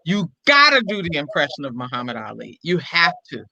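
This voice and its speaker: Forceful older woman, vivid storyteller. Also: low voice, a little fast, vocal fry, slight background noise, poor audio. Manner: acts out quoted dialogue with lively shifts in voice. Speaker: comedian and impressionist, guest. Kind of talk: animated storytelling in an interview.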